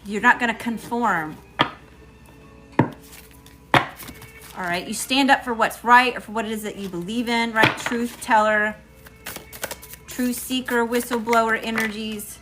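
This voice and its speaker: A woman's voice: fairly high pitch, fairly even intonation, a little slow, long pauses, over music. A middle-aged woman with a Southern US accent, giving an emphatic live tarot reading straight to her viewers. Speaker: tarot reader.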